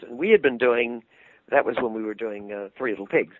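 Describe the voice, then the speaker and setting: An older man, a puppeteer, telling animated anecdotes in an interview and laughing easily. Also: mid-range voice, a little fast, dry recording. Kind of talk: interview storytelling. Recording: tinny phone-line sound, dry.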